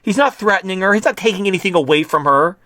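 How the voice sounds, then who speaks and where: A man's voice: high-pitched, fast, sharp tone, no echo. A man hosting an online commentary show, ranting in a profane, heated way.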